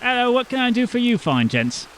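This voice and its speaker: A woman's voice: on the high side, sing-song, fairly quick, slight background noise, voice pushed up. A man voicing a young half-elf woman teacher who talks in a folksy, rustic way. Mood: cheery. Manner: folksy, cheery with a rustic twang.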